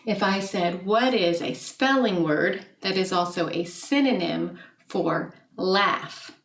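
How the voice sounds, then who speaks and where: A woman teaching a second grade class in a recorded video lesson, explaining step by step and often checking in with "okay?". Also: on the low side. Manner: friendly teacherly, asks questions and checks with "okay?". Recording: echoey room, mic at a distance.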